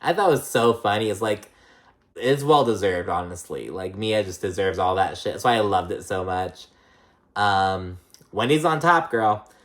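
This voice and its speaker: A man's voice: on the low side, lively intonation, moderate pace, fairly bright tone. A man giving a casual, blunt reality-show recap, swearing freely and saying 'like' a lot. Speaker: TV recap vlogger.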